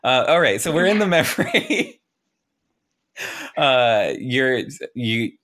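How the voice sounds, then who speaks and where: Playful man with a lively voice. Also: medium pitch, slow. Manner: laughs often, playful and excitable. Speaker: podcast host. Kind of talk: casual chat with guided visualization.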